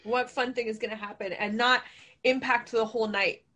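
A woman's voice: fairly high pitch, steady tone, normal speed, pushed and bright, dull audio. A woman co-hosting a podcast, chatting eagerly about playing the game and often checking for agreement. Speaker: podcast co-host and player. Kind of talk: casual chat.

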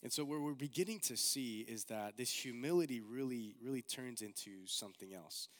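Earnest young preacher, casual talk. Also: male voice, mid-range voice, moderate pace. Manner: casual, earnest, heavy use of like. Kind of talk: sermon.

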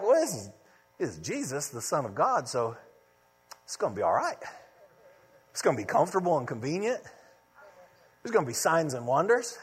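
A man's voice: fairly high pitch, wildly swooping pitch, moderate pace, pauses often, slightly rough. A male pastor preaching a sermon in a conversational, storytelling way. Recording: long reverb of a large hall.

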